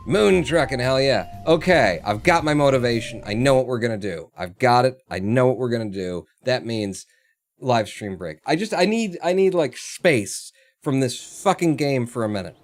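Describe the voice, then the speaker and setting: A man streaming a game who thinks out loud and swears freely. He has a mid-pitched voice and reacts to chat as he plays. Faint music plays underneath. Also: expressive, moderate pace. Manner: rambling, swears casually, thinks aloud, reads chat. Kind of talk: live-streamed gameplay chat.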